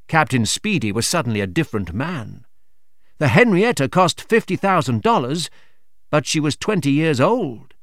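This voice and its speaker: A man narrates a simple storybook clearly and expressively, his fairly high voice rising and falling in a lively way. The sound is dry and close, with no room around it. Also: unhurried, no room sound.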